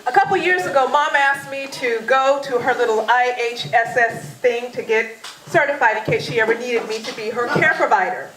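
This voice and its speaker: High-voiced woman telling a story in an echoey hall. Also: normal speed, a crowd in the background. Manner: animated storyteller acting out quoted voices, laughing often. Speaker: daughter giving a birthday speech. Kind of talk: storytelling toast at a family party. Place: party hall.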